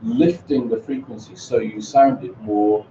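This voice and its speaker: Man teaching, dark voice, roomy distant mic. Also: on the low side, fairly even intonation, a little slow. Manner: chatty storytelling, many restarts. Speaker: English teacher presenting a seminar. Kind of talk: conference seminar talk. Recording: roomy, distant, dull lo-fi with faint noise.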